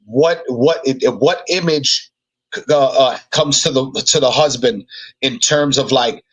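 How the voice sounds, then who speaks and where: A man's voice: mid-range voice, a little slow, breathy edge, low-quality recording. A man co-hosting a podcast, thinking aloud and repeating words as he writes notes in a casual brainstorming chat. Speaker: podcast co-host.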